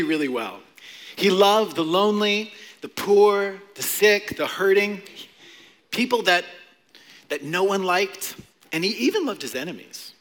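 A man in his forties, a pastor preaching a playful, animated sermon to a church congregation. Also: sits high. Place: church sanctuary. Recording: long hall reverb.

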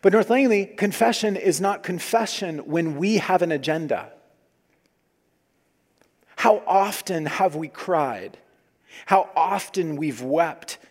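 Earnest pastor preaching in a reverberant hall. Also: male voice, on the high side, expressive, takes it slowly, pauses often. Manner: earnest, swings between loud emphasis and quiet hushed asides. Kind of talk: sermon. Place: church sanctuary.

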